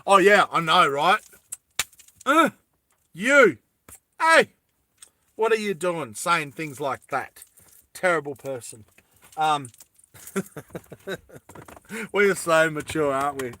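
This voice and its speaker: While making earrings, a live streamer chats casually and playfully with his viewers, joking and giggling often. His voice is a little high, pushed and bright, and he talks slowly with frequent pauses.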